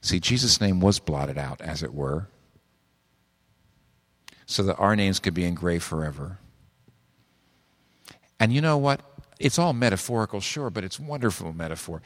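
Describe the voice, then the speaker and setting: A man's voice: deep voice, expressive, normal speed, long pauses, long reverb tail. A man preaching a sermon in a conversational way, asking rhetorical questions and often restarting his sentences. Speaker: pastor.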